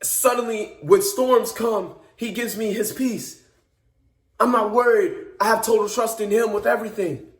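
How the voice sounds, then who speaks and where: A man with a notably high-pitched voice gives an informal devotional sermon. He speaks earnestly and emphatically, circling back over phrases and restarting them. The recording sounds echoey, as in a bare room. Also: normal speed. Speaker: speaker giving a devotional message. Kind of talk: informal preaching.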